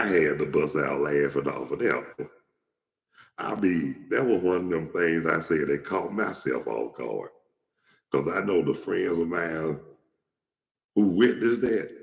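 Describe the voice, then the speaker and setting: A very deep-voiced, gravelly middle-aged man spins loose, profane anecdotes in a casual host monologue. His pitch rises and falls widely as he goes. He is recorded in an echoey room with a long, lingering reverb. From Atlanta, Georgia. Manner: rambling, blunt, profane anecdotes. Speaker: show host.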